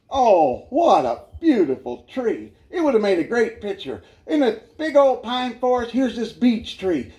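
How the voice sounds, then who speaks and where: A man speaking as a church guest shares his testimony as a humorous personal tale, chuckling along with it. His delivery is lively, and his fairly high voice ranges widely up and down.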